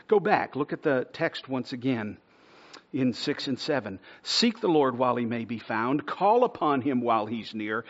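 A man preaching a sermon in an earnest style, building to loud, emphatic stretches and dropping to a hush on key words. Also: mid-range voice, expressive, normal speed, highs cut off. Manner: earnest preaching, swells louder to a near-shout at points, drops to a hush on key words. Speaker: pastor.

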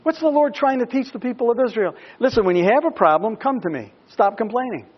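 A male pastor with a high voice delivers a sermon, moving between calm explanation and emphatic, rising questions to his listeners. The recording is dull and lo-fi. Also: fast talker, slightly rough.

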